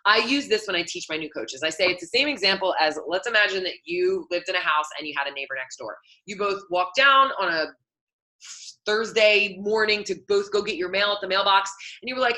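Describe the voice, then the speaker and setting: Fast-talking bright-voiced woman coach. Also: lowish voice, low-quality recording. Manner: chatty, filler-heavy, candid. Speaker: fitness coach and team leader. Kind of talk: casual live coaching talk.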